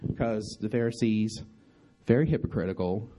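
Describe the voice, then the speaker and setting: A man giving an informal bible study talk, halting with many restarts and fillers, often asking his listeners questions. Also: on the low side, warm tone. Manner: conversational, asks listeners questions. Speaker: bible teacher.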